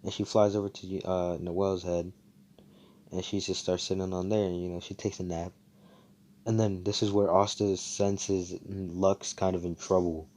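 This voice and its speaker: Low-voiced man rambling through a story. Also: little pitch movement, moderate pace, darkish tone. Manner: rambling, swears, filler-heavy. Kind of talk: casual fan-story narration.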